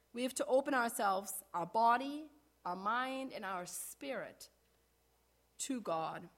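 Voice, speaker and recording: A middle-aged woman pastor giving a sermon in a measured way, slowing down to stress key phrases. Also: high-pitched, fairly bright tone.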